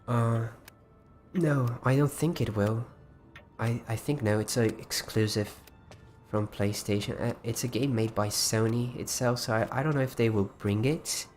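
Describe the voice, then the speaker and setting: A man's voice: medium pitch, a little slow, a little mellow, soft background music. Chatty man rambling on a livestream. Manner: rambling, chatty, frequent restarts. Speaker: livestream host. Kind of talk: casual livestream chat.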